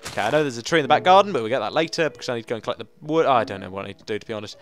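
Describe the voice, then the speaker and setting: A man's voice: medium pitch, lively intonation, rapid-fire. A man giving casual gaming commentary, chatting to himself and joking with mock drama. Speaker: Let's Play gamer.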